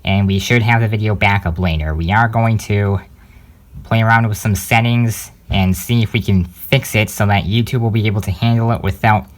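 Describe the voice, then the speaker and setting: A young man hosting a home-made channel news update, talking casually with many fillers and hesitant pauses. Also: on the low side.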